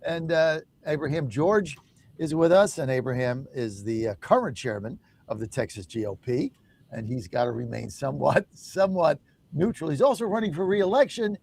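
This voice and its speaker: A man hosting a live talk radio show, emphatic and animated, often laughing as he talks. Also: fairly high pitch, moderate pace, gravelly.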